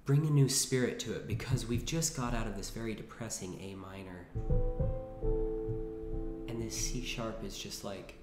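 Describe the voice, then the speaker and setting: A man's voice: on the low side, moderate pace, long pauses. A man giving a casual piano lesson, talking things through with restarts and demonstrating as he goes. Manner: chatty, thinks aloud with restarts, sings phrases between words. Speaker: piano teacher. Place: room with a piano. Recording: roomy echo with piano. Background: piano played between phrases.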